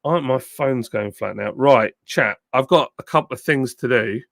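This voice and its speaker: Gravelly chatty English live streamer. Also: male voice, mid-range voice, moderate pace, a bit bright, no echo, clean studio sound. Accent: southern English, softened by years in northern England. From southern England. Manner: chatty, thanking viewers by name, frequent ums and uhs. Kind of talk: casual live-stream chat, reading out viewer comments. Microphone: phone with a plug-in mic.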